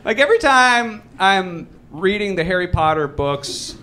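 A man doing a live stand-up set, talking in an animated way and jumping into loud mock voices when he quotes people. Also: high voice, measured pace. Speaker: stand-up comedian. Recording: live club recording with audience noise. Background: audience laughter.

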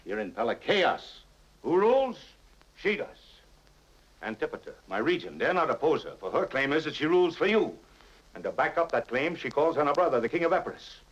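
A husky, cunning middle-aged king. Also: on the high side, sing-song, fairly quick, fairly bright tone. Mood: impassioned. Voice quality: husky, commanding. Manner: stern, probing and scornful. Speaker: king in a period film. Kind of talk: 1950s epic film acting. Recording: dull lo-fi 1950s film soundtrack.

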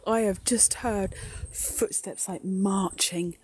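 A woman's voice: mid-range voice, fairly even intonation, slow pace, a little mellow, slightly rough. A woman livestreaming a ghost walk outdoors on her phone, chatting, joking with viewers and laughing often. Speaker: paranormal live streamer. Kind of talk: live-streamed ghost walk chat.

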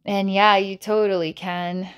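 Woman psychic healer, guided healing session, playful and giggly, mid-pitched. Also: little pitch movement, unhurried, smooth. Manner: playful and giggly, with many filler words.

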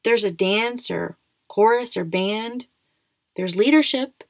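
A woman voicing a friendly, earnest ten-year-old schoolgirl in a storybook reading, eager and quick to scold rudeness. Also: medium pitch, gravelly, no room sound. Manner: eager, scolding when upset.

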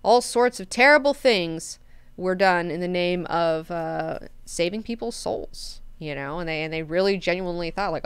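A woman's voice: fairly low pitch, normal speed, clean tone, no room sound. A woman hosting a book club, recapping chapters in a chatty way, full of fillers and casual swearing.

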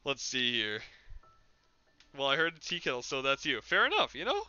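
A man's voice: medium pitch, wildly swooping pitch, moderate pace, bright, forceful tone, smooth, dry recording, muffled recording, soft background music. A man streaming a game and chatting casually with his chat in a rambling, jokey way, laughing often. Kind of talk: casual live-stream chat while gaming.

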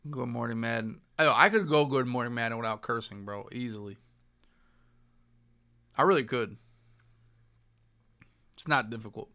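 A man's voice: medium pitch, normal speed, pauses often, sharp tone. A young man hosting a gaming podcast, chatting casually with loose, joking trash talk. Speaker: podcast host. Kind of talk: casual chat while streaming.

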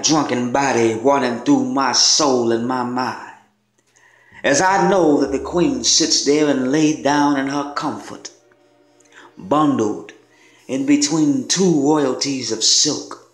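A man performing his own spoken word poetry in a measured, dramatic first-person delivery. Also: medium pitch. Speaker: poet. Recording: roomy echo. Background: faint music.

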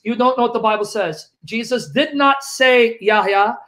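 A man's voice: extremely high pitch, moderate pace, few pauses, fairly bright tone. A man debating heatedly, accusing his opponent of lying and reading scripture aloud to refute him. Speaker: Christian debater.

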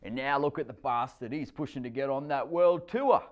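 A man's voice: mid-range voice, moderate pace, highs cut off, voice pushed up, natural voice. A man reading a story voices a hearty, matey middle-aged Australian tradie.

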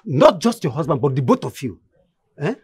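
A menacing village messenger. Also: male voice, fairly high pitch, sing-song, moderate pace, a little mellow, husky, dry recording, heavily acted. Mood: threatening. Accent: Nigerian. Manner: threatening, emphatic. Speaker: messenger from a chief. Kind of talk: Nollywood film acting.

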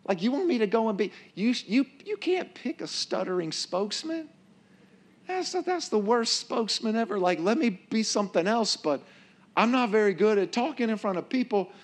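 A man's voice: sits high, big pitch swings, normal speed, voice pushed up. A man voicing a panicked, self-doubting man who pleads that he cannot speak well. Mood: anxious pleading. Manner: pleading, anxious.

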